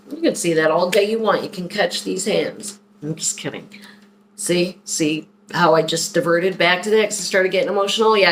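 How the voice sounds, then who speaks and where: A woman in the middle of a candid personal vlog, her voice sitting at an ordinary pitch. She rambles from thought to thought in a heartfelt, open way, speaking directly to one viewer. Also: a bit bright.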